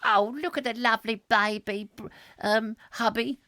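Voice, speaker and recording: A man voicing a fussy, flustered wife in an improvised comic sketch, in a fluttery falsetto that dithers over its words. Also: steady tone, moderate pace, bright, forceful tone, no room sound, clean studio sound. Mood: fussing. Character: fussy Victorian-style wife, shrill and flustered.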